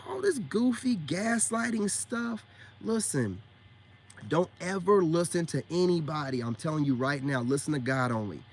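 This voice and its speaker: A man with a fairly high voice preaches straight to camera in a loose, emphatic monologue. He leans on street slang and keeps asking rhetorical questions. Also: animated, moderate pace. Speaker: self-styled spiritual coach.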